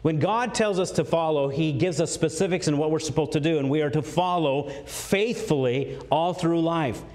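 Man, pastor, sermon, emphatic preaching, fairly high voice, shifts toward and away from the mic. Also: normal speed, a little mellow. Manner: emphatic preaching, swinging between high and low pitch.

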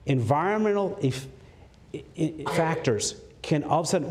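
A man preaching a sermon, emphatic and swinging from high, raised lines to low, quiet ones. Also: big pitch swings, moderate pace, slight background noise. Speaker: pastor.

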